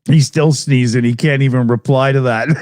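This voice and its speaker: A man's voice: mid-range voice, dry recording, clean studio sound. A man co-hosting a live stream, reading out viewer super chats in a loose, rambling, profane way and laughing often. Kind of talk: casual live-stream chat.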